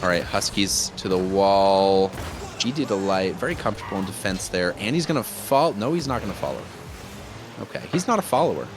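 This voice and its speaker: A man casting a live esports match as play-by-play commentator, jokey and excitable with loud bursts of enthusiasm. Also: low-pitched, a little fast, noisy background. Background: music.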